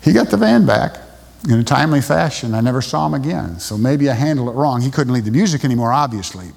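Halting preacher in a reverberant hall. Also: male voice, mid-range voice, animated, gravelly, a little mellow, slightly rough. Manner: halting storytelling with many restarts. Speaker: pastor. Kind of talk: sermon. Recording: long reverb in a large hall.

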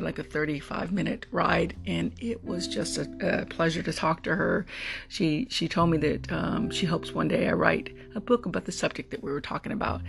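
A podcast host in his or her forties tells stories in a casual solo monologue, earnest and meandering. The voice is mid-range and creaky, with guitar music playing behind it.

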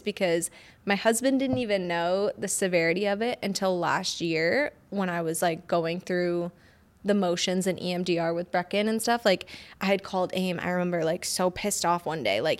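A woman hosting a podcast, talking frankly and with animation, cursing freely and acting out quoted conversations. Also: lowish voice. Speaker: podcast host.

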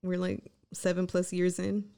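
A woman's voice: on the low side, monotone, unhurried, vocal fry, warm tone. A young woman co-hosting a casual chat, blunt and playful, often laughing. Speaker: podcast co-host.

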